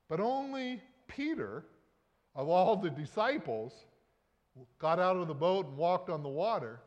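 A man preaching a sermon, emphatic, swelling and dropping his loudness for effect. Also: high voice, animated, measured pace, lo-fi sound. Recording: long reverb of a large hall.

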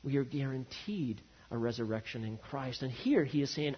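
A man preaching a sermon, swinging from loud emphasis to hushed, quiet lines. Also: mid-range voice, normal speed, hardly any pauses, husky, dull audio. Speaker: pastor.

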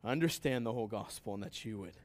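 A man preaching a sermon in a relaxed, conversational way, with asides to the congregation. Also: on the low side, quick pace. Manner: conversational preaching that rises to emphatic scripture reading. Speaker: pastor.

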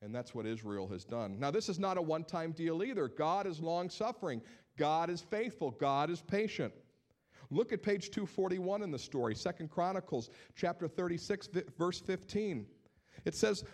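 A male pastor preaching a sermon, telling stories in an animated way and repeating words as he builds his points. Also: a little high, moderate pace.

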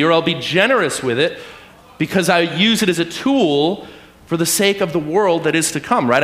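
A man giving a relaxed, chatty sermon, checking in with his listeners again and again. His voice sits fairly high. It rings in an echoey room. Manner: conversational, keeps asking "right?". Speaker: preacher. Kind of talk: casual sermon.

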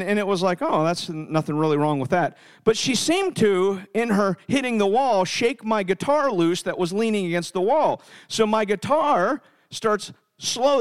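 High-voiced man preaching emphatically. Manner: emphatic, repeats words when starting sentences. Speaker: pastor. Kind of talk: sermon with storytelling.

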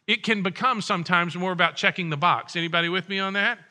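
A man's voice: high voice, fast talker, sharp tone. A middle-aged man preaching a sermon as pastor, conversational and joking with his congregation.

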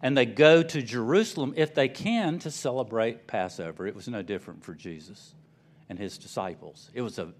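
Animated, slow-paced male preacher. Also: on the low side. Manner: animated storytelling, repeating phrases. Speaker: pastor. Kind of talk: sermon.

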